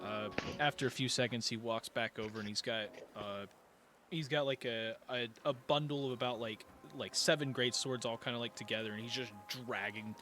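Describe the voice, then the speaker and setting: A man's voice: medium pitch, fairly even intonation, moderate pace, music in the background. Rambling man narrating a tabletop game. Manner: rambling, many fillers and restarts. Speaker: game master.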